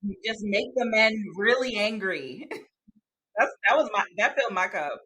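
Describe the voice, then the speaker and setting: Slow, sharp-toned, blunt woman. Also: mid-range voice, animated, slightly rough. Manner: blunt, profane, joking. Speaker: podcast co-host. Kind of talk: casual chat.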